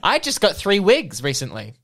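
A man's voice: high voice, huge pitch swings, moderate pace, a bit bright. A man co-hosting a podcast in casual, playful chat. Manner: playful, giggly. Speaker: podcast co-host.

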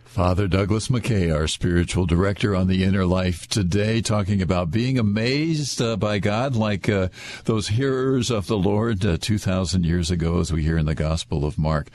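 Deep-voiced male radio host. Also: moderate pace. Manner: steady, announcing calls and the phone number. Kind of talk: call-in radio hosting.

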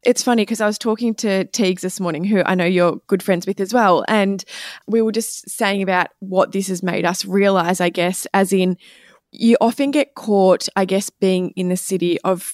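A woman's voice: medium pitch, steady tone, moderate pace, a little mellow, no echo, studio quality. A woman guest speaking in a reflective, easygoing way with many fillers. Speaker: guest nutritionist. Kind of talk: casual conversation.

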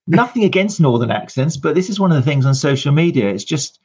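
A man's voice: on the high side, sing-song, quick pace, darkish tone, husky, muffled recording. A man hosting a podcast, introducing his guest in a chatty, rambling way with many fillers. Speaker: podcast host. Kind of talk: casual live-show introduction and interview.

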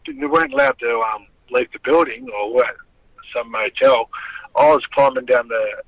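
A middle-aged man with a raspy, gravelly voice, fairly high for a man and bright with a forceful edge. He tells his stories in a loose, swearing, animated way. The sound is dry and close. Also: moderate pace, dry recording, low-quality recording. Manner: swearing, rambling, animated storyteller. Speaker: former boxer, guest. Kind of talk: casual storytelling interview.

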